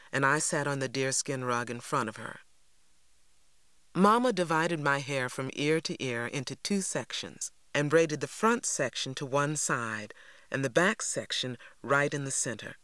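A man giving a measured, unhurried audiobook narration. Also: fairly high pitch, sharp tone, smooth, dry recording, studio quality.

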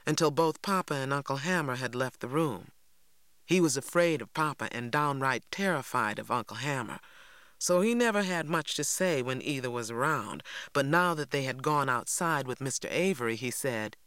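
A man's voice: medium pitch, normal speed, a bit bright, clean tone, no room sound. Man narrating an audiobook, dry sound. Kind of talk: scripted narration.

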